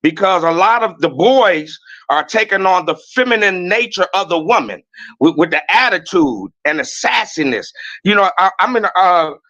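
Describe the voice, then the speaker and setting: A man calling in to a talk show, telling stories in a loud, blunt, preachy way. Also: high-pitched, muffled recording. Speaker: caller. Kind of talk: casual talk-show call.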